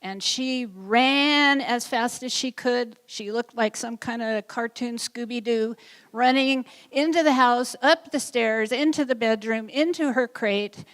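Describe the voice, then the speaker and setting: Slow-talking woman in a reverberant hall. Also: fairly high pitch. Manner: slow, amused anecdote-telling. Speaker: puppy raiser. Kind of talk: storytelling speech.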